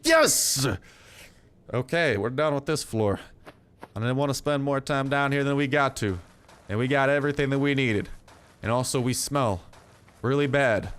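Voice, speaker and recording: A young gaming YouTuber rambles over his gameplay in a mid-range, smooth male voice at normal speed, his casual commentary packed with fillers and jokes.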